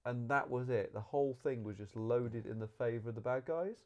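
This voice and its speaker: Rambling man with a mellow voice. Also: mid-range voice, a little fast, highs cut off. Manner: rambling, animated, self-correcting. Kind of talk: casual movie review chat.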